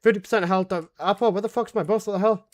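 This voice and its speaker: Young guy streaming a game, kinda high voice, rambly and sarcastic, swears a lot. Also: fairly even intonation, quick pace. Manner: rambling, sarcastic, swears freely, talks to teammates. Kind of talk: casual live-stream commentary while playing.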